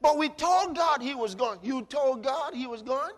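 A male preacher delivering a sermon, dramatic, swinging between hushed passages and shouted ones. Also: very high-pitched, moderate pace. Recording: reverberant hall.

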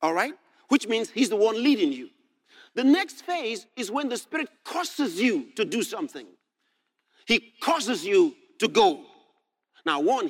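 A man preaching a sermon, reading scripture aloud and expounding it with animated emphasis, sometimes shouting. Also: sits high.

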